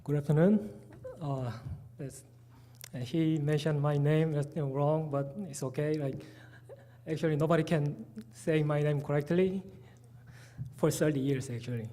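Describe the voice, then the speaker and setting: A man with a Korean accent presents at a conference in a fairly high but mellow voice. He speaks haltingly and restarts words now and then, with plain informal asides. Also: fairly even intonation.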